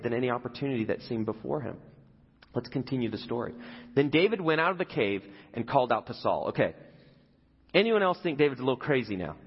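A pastor with a medium-pitched, slightly breathy voice preaches conversationally, frequently asking his listeners questions. The recording is dull and lo-fi, with an echoey hall sound.

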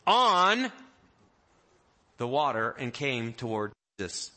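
A pastor preaching a sermon, telling the story in an animated way and acting out the people in it. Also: male voice, mid-range voice, normal speed. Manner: animated storyteller, acting out quotes in varied voices.

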